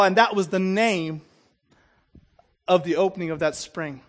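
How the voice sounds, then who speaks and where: A man preaching a sermon who stumbles and repeats the starts of words, keeps asking "okay?", and swings between loud emphatic bursts and quiet low asides. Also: steady tone, normal speed. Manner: stumbles and repeats opening sounds, checks in with "Okay?".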